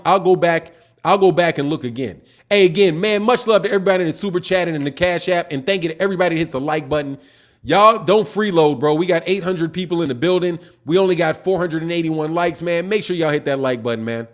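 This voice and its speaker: A man hosting a casual boxing livestream, reading chat messages and talking in laid-back slang. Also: high-pitched. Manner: laid-back slangy talk, says man and dog often. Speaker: boxing channel host.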